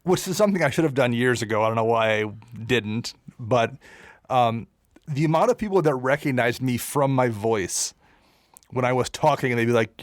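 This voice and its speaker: In a clean studio recording with no room sound, a man speaks animatedly at a normal pace in a mid-range voice. He's co-hosting a podcast, chatting casually and rambling with plenty of fillers and jokes at his own expense.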